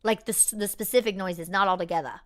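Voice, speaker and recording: A woman answers viewer questions in loose, easygoing chat. Her voice is bright and smooth. She rambles, restarts sentences, leans on fillers and laughs often. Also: mid-range voice, fast talker. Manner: laughs easily. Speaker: performer hosting a live Q&A.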